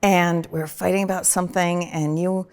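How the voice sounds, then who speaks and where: A woman chatting on a podcast, telling personal stories in an animated way with sudden loud vocal bursts. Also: lowish voice, moderate pace. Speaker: podcast guest, host's wife. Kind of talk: casual personal conversation.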